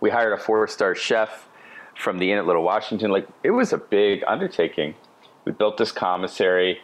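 A middle-aged man spinning a long anecdote on a podcast, his voice sitting fairly low. He talks casually and with animation, slipping in chatty asides as he goes. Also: lively intonation, moderate pace. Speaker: podcast guest. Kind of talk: casual storytelling.

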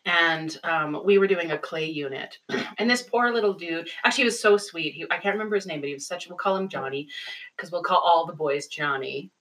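A young adult woman co-hosting a podcast, telling animated classroom stories with frequent laughter. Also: on the low side, a little fast, rough recording. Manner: animated storytelling, laughs often, acts out kids' voices. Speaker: podcast co-host. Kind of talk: casual chat.

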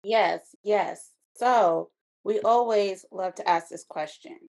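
A woman's voice: medium pitch, takes it slowly, gravelly, a little mellow. A woman co-hosting a podcast, sassy and teasing. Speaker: podcast co-host. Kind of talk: casual podcast chat.

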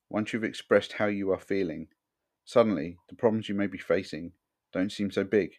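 Deep-voiced man, earnest podcast monologue. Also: a little mellow. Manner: frank, earnest. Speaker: podcast host.

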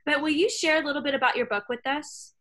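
A woman's voice: sits high, fast, bright, forceful tone. A woman with a Texan accent hosting a faith podcast, talking with enthusiasm. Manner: enthusiastic, upbeat. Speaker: podcast host.

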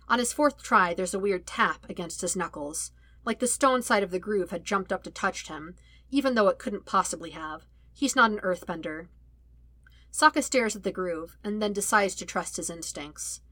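Woman, audiobook narrator, wry lively storytelling, crisp bright tone, dry close sound. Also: mid-range voice, no echo. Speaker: audiobook reader. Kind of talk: scripted fiction narration.

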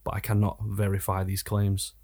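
Man with an Oldham accent, husky voice, dry-witted podcast co-host. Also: deep voice, completely flat delivery, normal speed, darkish tone. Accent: Oldham, northern English. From England. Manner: dry wisecracks. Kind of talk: casual chat.

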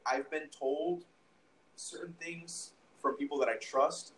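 A man's voice: a little high, fairly even intonation, slow pace, a bit bright, rough recording. A young man tells a story in casual conversation, rambling and profane, with lots of restarts and fillers. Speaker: podcast guest, musician.

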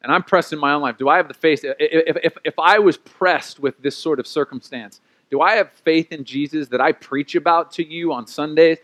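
A man preaching a sermon in a lively, conversational way, with playful acted asides. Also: fairly high pitch, moderate pace, few pauses. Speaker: pastor.

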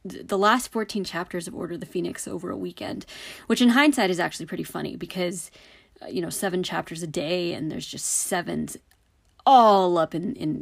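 A woman's voice: lowish voice, vocal fry. Rambling woman telling fond stories. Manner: rambling with many fillers, fond and animated. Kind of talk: casual personal storytelling.

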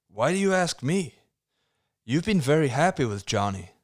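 A man voicing a busy, evasive young man on the phone in a put-on American accent, reading loudly and stiffly. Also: on the high side, big pitch swings, moderate pace, voice pushed up. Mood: brusque. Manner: loud, stilted script reading.

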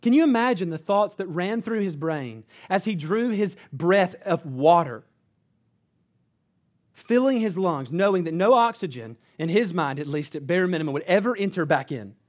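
A pastor delivering a sermon from the pulpit, a man with a fairly high voice. He preaches earnestly and now and then sinks to a low, hushed emphasis on key words. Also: animated, normal speed.

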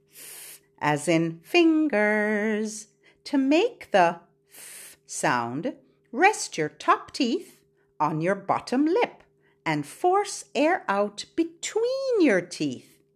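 A woman's voice: mid-range voice, wildly swooping pitch, very slow, long pauses. A woman hosting a phonics lesson for toddlers, talking in a playful, exaggerated sing-song way. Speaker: preschool phonics host.

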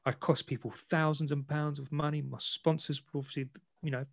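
A man, an interview guest and boxer, frankly recounting a personal story in a self-deprecating, animated way. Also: fairly high pitch, brisk, vocal fry, dry recording.

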